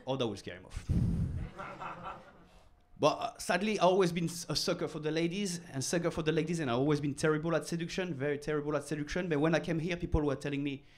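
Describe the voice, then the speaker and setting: Deadpan French comedian at a mic. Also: male voice, on the high side. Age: middle-aged. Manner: deadpan, halting delivery with non-native phrasing. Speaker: stand-up comedian. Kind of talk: stand-up comedy set. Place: comedy club stage.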